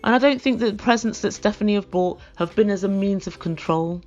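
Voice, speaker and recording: A woman's voice: medium pitch, brisk, a little mellow, lo-fi sound. A woman giving a comedic recap of a reality show in a blunt, sarcastic, mocking way. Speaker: reality TV reviewer.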